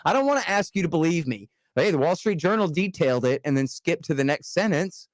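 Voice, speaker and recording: Guy talking fast n emphatic on a podcast, dry close mic, curses a bit. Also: on the high side, no room sound. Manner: animated, emphatic, swears casually. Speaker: guest author. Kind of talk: casual podcast chat.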